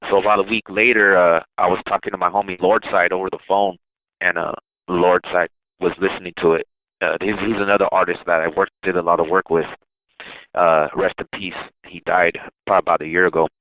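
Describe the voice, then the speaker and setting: Low-voiced rapper on a tinny line. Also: male voice, little pitch movement, fairly quick, no echo. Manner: loose, rambling, with restarts and laughs. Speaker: rapper and producer. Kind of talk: casual interview storytelling.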